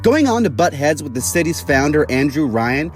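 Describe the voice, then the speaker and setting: A young man hosting a casual video review, his voice sitting fairly high. He talks in a chatty, opinionated way, with light music playing behind him. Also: sing-song, normal speed. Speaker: YouTube villain reviewer.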